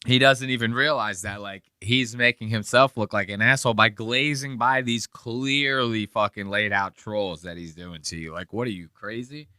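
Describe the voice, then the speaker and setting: A man's voice: fairly low pitch, normal speed, few pauses, sharp tone, smooth, no echo, studio quality. A man hosting a podcast in casual, rambling chat, swearing often and reacting to clips. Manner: profane, rambling, laughing asides. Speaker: podcast host.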